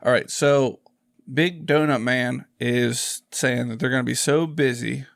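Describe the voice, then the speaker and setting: A man's voice: medium pitch, steady tone, a little slow, creaky, no room sound, clean studio sound. A man co-hosting a podcast, joking around and agreeing easily in laid-back casual chat. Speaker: podcast co-host.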